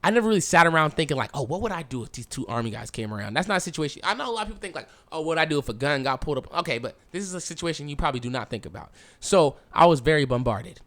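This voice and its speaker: A young man tells a personal story on his podcast in loose, casual speech. He talks slangy and swears often, and he acts out what people said. His voice sits a little higher than most men's. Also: very fast, few pauses. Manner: animated, swearing, slangy, acts out past dialogue. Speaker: podcast host.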